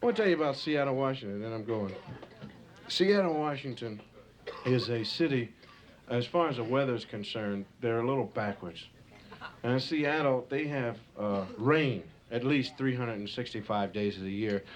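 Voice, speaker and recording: A man's voice: medium pitch, animated, normal speed. A man telling stand-up stories in a loose, rambling way full of asides, recorded on a hissy home tape. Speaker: stand-up comedian. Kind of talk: stand-up storytelling.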